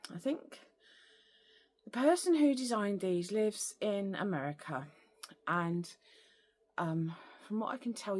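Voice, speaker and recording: A woman chats casually as host of a crafting podcast. Her voice sits a little low, and she rambles along with plenty of ums and restarts. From lives in France. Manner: chatty, rambling with many fillers. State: out of breath. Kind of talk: casual chat.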